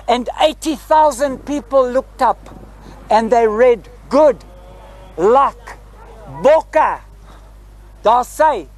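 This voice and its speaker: A South African man in his sixties, a retired flight attendant guiding a group through a parked airliner in a lively, theatrical way, tagging his lines with "eh?". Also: extremely high pitch, rough recording. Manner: lively, theatrical, tag questions like "eh?". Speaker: tour guide. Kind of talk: guided tour talk to a group. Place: inside a parked airliner cabin.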